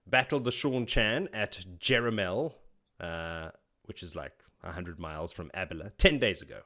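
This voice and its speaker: A man with a fairly low voice talks through a book recap in a loose, chatty way. He laughs often and slips into characters' lines as quick paraphrased quotes. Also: lively intonation, pushed and bright. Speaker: podcast host. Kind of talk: casual book recap chat.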